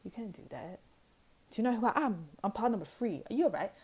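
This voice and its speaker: A young woman reads tarot cards straight to her viewers. Her voice sits at a middling pitch with a mellow, warm tone. She talks emphatically and hammers home her points by repeating them. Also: quick pace, husky. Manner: animated, emphatic, repeats phrases for stress. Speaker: tarot reader. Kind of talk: pick-a-card tarot reading.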